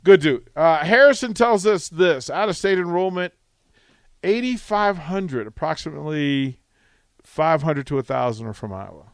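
A man hosting a radio talk show, telling a rambling, animated anecdote full of restarts, in a studio on a close mic. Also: a little high, normal speed, clean tone, no room sound. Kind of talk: casual radio storytelling.

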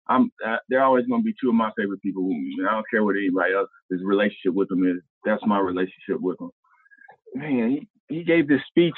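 A man's voice: medium pitch, no echo. A man in his fifties from Ohio, a podcast guest telling stories in a casual, slangy way and acting out what others said. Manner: animated, slangy, acts out other people's lines. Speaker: guest, former pro basketball player. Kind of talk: casual storytelling. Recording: tinny phone-like remote line, dry.

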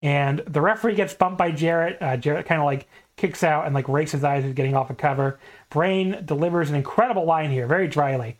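A podcast host in relaxed conversation who tells the story with lively energy and breaks into laughter again and again. The pitch sits in an everyday middle range. The talk keeps rolling, full of little asides. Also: fairly quick, few pauses. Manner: animated retelling with frequent laughter. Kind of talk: casual chat, recapping a wrestling match.

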